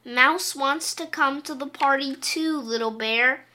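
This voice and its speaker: A woman voicing a patient, weary father bear, gently coaxing his cub in a sing-song storybook tone. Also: sits high, measured pace, voice pushed up.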